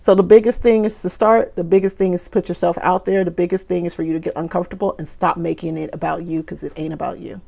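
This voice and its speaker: A woman's voice: fairly low pitch, fairly even intonation, fast talker, creaky, few pauses, mellow. A woman coaching viewers on video confidence in an emphatic, motivational talk, repeating key phrases for emphasis.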